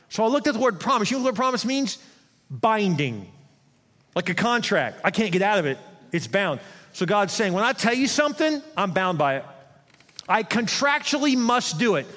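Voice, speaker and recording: A man with a high voice preaching in a lively, conversational way. He talks to the congregation directly and throws in quick asides. His voice rings out with a long reverb from a large church hall. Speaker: pastor. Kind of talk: sermon.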